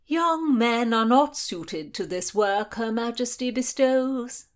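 A woman's voice: on the high side, lively intonation, slow pace, fairly bright tone, voice pushed up, full character voice. A woman voicing a gushing, romantic older knight in a storybook reading, theatrical and swooning.

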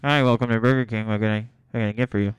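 A man playing a polite fast-food cashier in an improvised comedy sketch, talking in quick customer-service patter. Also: medium pitch, steady tone, clear, resonant tone, no echo, lightly acted.

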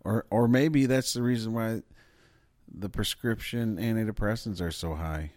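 A man's voice: lowish voice, moderate pace, a little mellow, no room sound. A man hosting a podcast, talking in a loose, profane, rambling casual chat. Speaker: podcast host.

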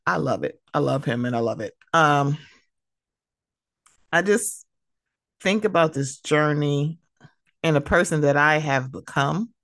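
A woman hosting her own podcast in a casual, animated, emotional way, laughing often. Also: deep voice, no room sound, clean studio sound. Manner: animated, laughing, emotional, mimics friends' voices. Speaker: podcast host. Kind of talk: casual solo podcast talk.

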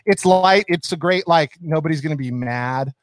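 A man co-hosts a podcast in casual conversation, his somewhat high voice moving at a moderate pace. He rambles with many restarts and fillers, and the recording is dry with clean studio sound.

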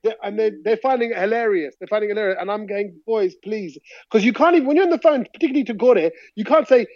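A man co-hosting a podcast from home, chatting casually and telling animated, slangy stories while laughing through his words. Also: sits high, racing, no room sound. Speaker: podcast co-host. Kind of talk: casual chat. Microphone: talking into a phone over a video chat. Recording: muffled phone-mic audio.

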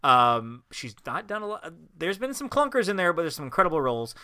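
A man's voice: fairly high pitch, big pitch swings, fairly quick, pushed and bright, clear, resonant tone, no echo, studio quality. A man co-hosting a podcast in casual chat, talking with gushing enthusiasm. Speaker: podcast co-host.

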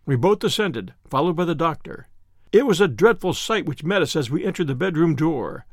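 A man narrating a story in the first person, expressive and storytelling. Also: a little high, normal speed, dry recording, clean studio sound. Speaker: audiobook narrator.

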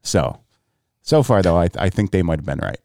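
A man's voice: deep voice, lively intonation, moderate pace, creaky, darkish tone, no echo, studio quality. A man co-hosting a podcast, talking in easygoing banter. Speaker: podcast co-host. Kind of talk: casual chat.

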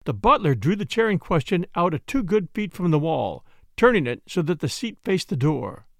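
A man narrating an audiobook with measured storytelling. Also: on the high side, big pitch swings, creaky, no room sound, studio quality.

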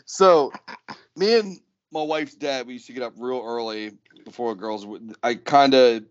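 Male podcast co-host, mid-pitched, profane and animated storyteller, dull lo-fi recording. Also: a little slow. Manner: profane, animated storyteller, laughs while telling. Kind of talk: casual storytelling chat.

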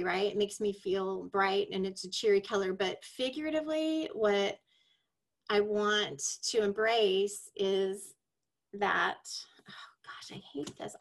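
A woman hosting a podcast, telling her faith story in an earnest, confessional way. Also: medium pitch. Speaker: podcast host. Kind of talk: personal faith testimony podcast.

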